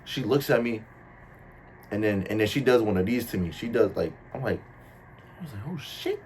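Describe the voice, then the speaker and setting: A young man with a New Jersey accent tells a casual storytime, full of slang and quoted voices. His voice sits low in pitch. A faint hiss of ambient noise runs beneath him. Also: fairly quick, a little mellow.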